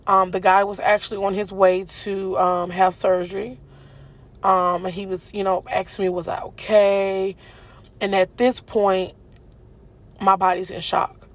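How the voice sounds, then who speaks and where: A woman's voice: mid-range voice, flat delivery, a little slow. Emotional woman telling a story. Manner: candid, emotional, many ums and you-knows. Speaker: storyteller recounting a car crash. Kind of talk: casual testimony to viewers.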